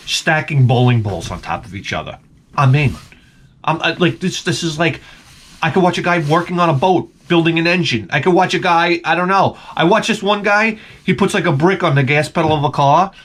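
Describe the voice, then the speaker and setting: A man telling a comedic story in an animated rant, swearing and stammering through restarts. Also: fairly high pitch, fairly quick. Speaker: comedic vlogger.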